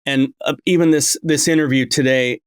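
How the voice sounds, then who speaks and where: A man's voice: mid-range voice, fairly even intonation, moderate pace, smooth, no echo. A middle-aged man talking as a voice director in a casual interview, rambling and full of ums and restarts. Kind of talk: casual long-form interview. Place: his home.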